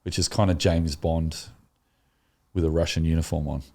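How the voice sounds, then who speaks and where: A man's voice: very deep voice, fairly even intonation, normal speed, mellow. A man co-hosting a church podcast, chatting casually and telling a rambling story with enthusiasm. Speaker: podcast co-host. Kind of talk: casual chat.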